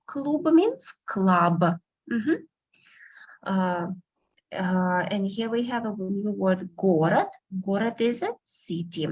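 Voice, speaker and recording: Slow, breathy woman teacher. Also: mid-range voice, animated, a little mellow, lo-fi sound. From Russia. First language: Russian. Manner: patient, repeats words slowly for students. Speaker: language teacher. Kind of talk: online beginner language lesson.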